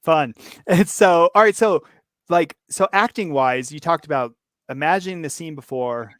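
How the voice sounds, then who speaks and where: A man's voice: a little high, normal speed, a bit bright, no room sound, clean studio sound. A man hosting a casual interview, talking in a rambling way with many fillers and easy laughs. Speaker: podcast host.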